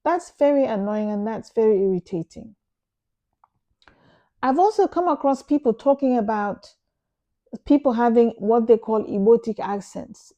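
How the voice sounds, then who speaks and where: A woman's voice: fairly high pitch, dark tone. A woman giving casual advice to her viewers in an earnest, emphatic way, repeating phrases for stress. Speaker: vlogger. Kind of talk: casual advice talk to camera.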